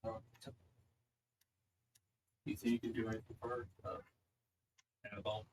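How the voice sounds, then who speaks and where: A man's voice: fairly low pitch, monotone, normal speed, a little mellow, slight background noise. A man playing a tabletop game, casual and hesitant, with fillers. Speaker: player.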